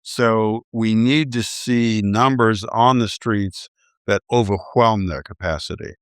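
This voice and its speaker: A man speaking as a guest analyst in a policy discussion, measured and halting with frequent restarts. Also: fairly low pitch, clear, resonant tone, no room sound, clean studio sound.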